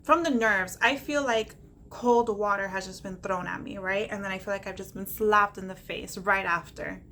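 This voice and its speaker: A woman vlogger telling a personal story to camera, animated and encouraging, acting out what others said and laughing often. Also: medium pitch, moderate pace, a little hiss or hum. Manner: animated, acts out quoted dialogue, laughs often; encouraging, faith-filled pep talk.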